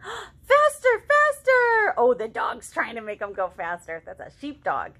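A woman in her thirties leading a children's storytime, reading picture books aloud, singing farm songs and making animal sounds in an animated, sing-song way. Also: medium pitch, moderate pace, creaky.

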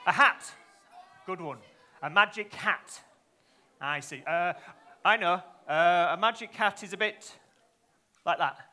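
A man's voice: high voice, takes it slowly, pauses often, bright, forceful tone, a faint crowd. A man performing a live children's magic show, teasing and playful, constantly asking the young audience questions. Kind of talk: live kids' show patter.

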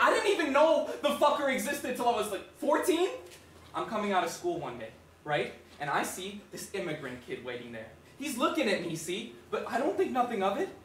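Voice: mid-range voice, fairly bright tone, slight background noise. An actor performing a stage monologue as a brash young man, talking in swaggering, profane street slang. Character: brash young Canadian man telling of his half-brother. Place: theatre stage. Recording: roomy stage sound from far off.

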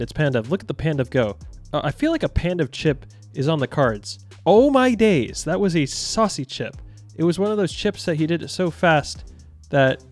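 Young male gaming creator, fairly high voice, loose and jokey play-by-play, erupts at goals. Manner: excitable, jokey, yells at big moments. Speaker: gaming YouTuber. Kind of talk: live gameplay commentary.

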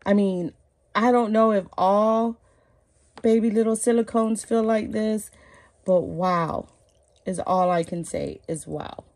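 A woman speaks slowly in a steady, mid-range, darkish voice during a casual home vlog. A reborn doll collector, she bathes her dolls while gushing, cooing and saying "oh my goodness" repeatedly.

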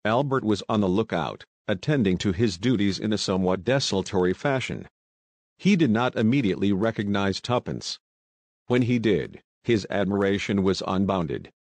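Man reading a novel aloud, low voice, steady, dry close sound. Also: moderate pace, no room sound. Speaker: audiobook narrator. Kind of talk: scripted narration.

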